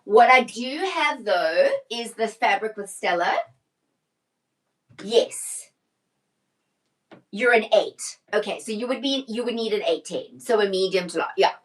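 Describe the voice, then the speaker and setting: A woman's voice: medium pitch, measured pace, long pauses, poor audio. A middle-aged woman, a personal stylist, chatting casually on a live shopping stream, answering viewer questions and often restarting her sentences.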